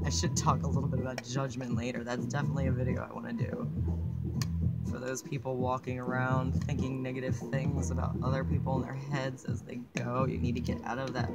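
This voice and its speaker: Chatty, swearing woman vlogger over loud music. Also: extremely low pitch, flat delivery, brisk, vocal fry. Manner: chatty, swears, laughs often, self-mocking. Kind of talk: casual chat while crafting. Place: outdoors on a mountain. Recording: loud music playing behind.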